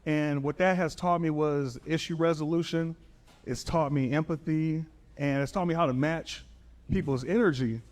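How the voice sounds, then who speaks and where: A man performing a stand-up bit, telling a work story in an animated, punchy way. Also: on the high side, normal speed. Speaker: stand-up comedian. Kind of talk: stand-up set.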